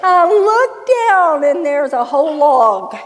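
An older woman preaching a sermon through a funny personal story, with lively laughs along the way. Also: high voice, unhurried, very noisy. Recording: long hall reverb.

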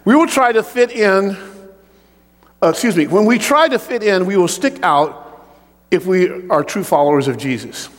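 High-voiced, animated male preacher. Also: normal speed, big-room sound. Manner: animated, joking asides. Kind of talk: sermon with personal testimony.

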